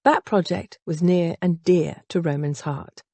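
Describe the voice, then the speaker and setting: A woman narrating an audiobook in an expressive, varied way. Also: lowish voice, unhurried, no echo. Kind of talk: scripted narration.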